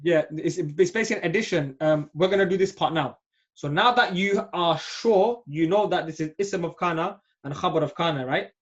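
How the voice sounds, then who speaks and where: A man's voice: on the high side, fairly quick. A man teaching an Arabic grammar class, patient and often checking understanding. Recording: dull lo-fi audio.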